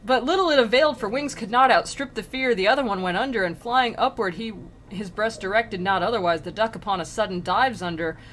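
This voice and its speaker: A woman streamer with a bright, clear voice pitched in the middle of the usual range reads stiff archaic verse and then loosens into a rambling, filler-laden retelling. Her throat sounds sore. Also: brisk, a little hiss or hum. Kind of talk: casual retelling of a classic poem.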